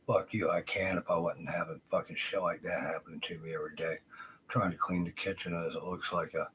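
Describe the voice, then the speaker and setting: A man's voice: sits low, little pitch movement, a little fast, a bit bright, slight background noise, low-quality recording. A man ranting in his home kitchen into a handheld phone, agitated and profane, rambling and trailing off into mutters. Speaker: vlogger. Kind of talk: unscripted rant to camera.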